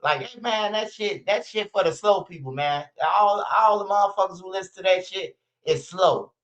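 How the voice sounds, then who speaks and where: A man's voice: high-pitched, normal speed, a bit bright. A man from Chicago with a Chicago accent, hosting a livestream and giving blunt, profane street-talk commentary. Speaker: livestream host. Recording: muffled lo-fi stream audio.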